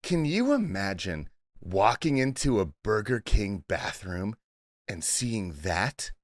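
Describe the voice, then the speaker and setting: A man voicing an older Italian Catholic aunt from New Jersey, with a thick New Jersey accent and a slow, heavy delivery. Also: fairly low pitch, sing-song, no room sound, clean studio sound. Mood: grave, matter-of-fact.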